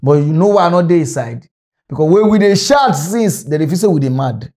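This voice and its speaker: A man's voice: on the high side, lively intonation, a little fast, darkish tone. A man from Delta State, Nigeria, with a Nigerian Pidgin accent, ranting in an agitated, scolding monologue about politics. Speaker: political commentator. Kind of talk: impassioned monologue rant.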